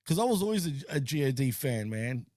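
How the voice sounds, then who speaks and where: A man's voice: medium pitch, big pitch swings, brisk, a little mellow, dry recording, clean studio sound. A man hosting a casual wrestling watch-along stream, laid-back and swearing, tacking "man" and "bro" onto his sentences. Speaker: host.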